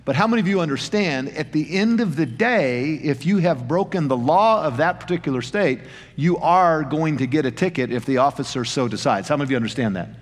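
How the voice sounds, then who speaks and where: A man's voice: on the high side, expressive, a little fast, faint music behind. A man preaching a sermon, telling anecdotes in a folksy storytelling manner with self-deprecating humor. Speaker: pastor. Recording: long reverb of a large hall.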